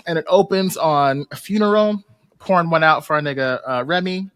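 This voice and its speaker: High-voiced man recapping animatedly. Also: brisk, no echo, studio quality. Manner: animated storytelling, quoting characters in slangy voices. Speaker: podcast host. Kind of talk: casual recap among friends.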